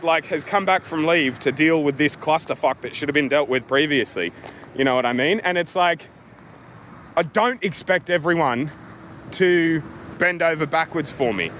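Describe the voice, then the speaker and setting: A man's voice: fairly high pitch, a bit bright, slight background noise. An Australian man venting in a rambling, agitated vlog rant, swearing often and piling up "like"s. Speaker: vlogger.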